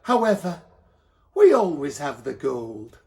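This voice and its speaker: A man's voice: on the high side, wildly swooping pitch, unhurried, vocal fry, pitched below the performer's own voice, exaggerated voice. Man doing a bossy brassy drag hostess. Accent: Welsh. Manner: bossy, sharp-tongued, calls everyone dear. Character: brassy boozy older drag queen hostess.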